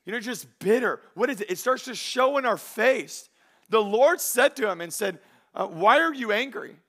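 A man preaching a sermon with a high voice. He talks in an animated, joking way and acts out the voices of the people he quotes. He sounds like a pastor speaking to his congregation. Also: moderate pace.

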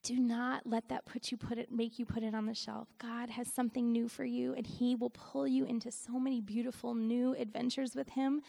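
A middle-aged woman giving a conversational sermon, telling stories in an animated way with frequent laughs. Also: on the high side, moderate pace, gravelly, hardly any pauses. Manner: animated storytelling, laughs often. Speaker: Christian speaker and worship leader.

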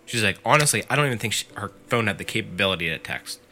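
A man's voice: fairly low pitch, animated, rapid-fire, pushed and bright. A man casually retelling a scary story on a podcast, full of fillers and quoting the teller. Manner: filler-heavy, lots of "like", quotes the storyteller.

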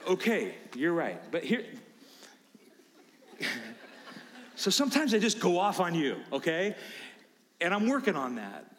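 A man preaching a sermon as pastor, emphatic, swinging from low asides to loud preaching. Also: huge pitch swings, a little slow, long pauses, long reverb tail, slight background noise.

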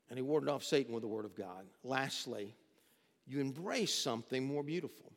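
A man preaching a sermon, swinging between loud, urgent emphasis and low, close tones. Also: animated, normal speed. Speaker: pastor. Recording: long hall reverb.

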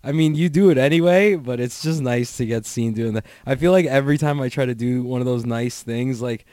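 A man with a medium-pitched, darkish voice talks a little fast, recorded with no echo. Hosting a podcast solo, he chats casually and rambles, swearing freely and leaning heavily on "like" as a filler.

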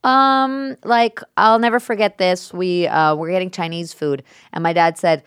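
A woman's voice: fairly low pitch, fairly even intonation, unhurried, few pauses, smooth, dry recording, studio quality. A young woman from New York City, a guest chatting casually, joking, swearing freely and dropping into mock accents. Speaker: guest, voice actor. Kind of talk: casual chat.

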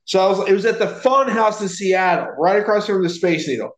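A man telling a profane, animated story in casual podcast chat. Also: high voice, fairly quick, reverberant, poor audio.

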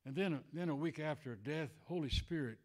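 An older male preacher delivering a sermon, swinging between shouted declarations and hushed, tender passages. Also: fairly high pitch, moderate pace.

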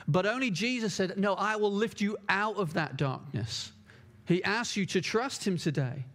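A man's voice: high-pitched, moderate pace, fairly bright tone. A man preaching a sermon, earnest and emphatic, repeating key words for stress.

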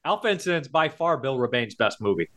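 A man's voice: medium pitch, big pitch swings, fast, fairly bright tone. Rambling, laughing man in casual chat. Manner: rambling, laughing storyteller who acts out quotes; heavy swearing. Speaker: podcast co-host. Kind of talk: casual chat about cult horror films.

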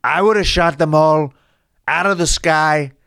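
A man's voice: fairly high pitch, unhurried, vocal fry, fairly bright tone, clear, resonant tone, no room sound, clean studio sound, pitched above the performer's own voice. A man putting on a pompous, boastful politician who keeps repeating himself. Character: boastful blustering male politician.

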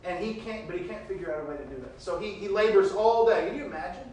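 A man preaching a sermon, reading scripture verses aloud and retelling them with big swings between loud and quiet. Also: sits high, fast talker, very echoey, distant mic, slight background noise, poor audio.

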